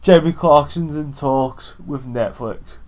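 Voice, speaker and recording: A man's voice: on the high side, unhurried, darkish tone. Teasing male podcast co-host. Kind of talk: casual podcast chat.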